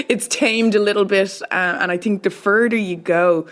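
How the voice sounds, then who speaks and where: A woman with an Irish accent from the Bray area, a panel guest telling an anecdote in an animated, laughing way. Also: medium pitch, normal speed. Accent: Irish, Dublin-area. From Bray, Ireland. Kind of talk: radio panel chat.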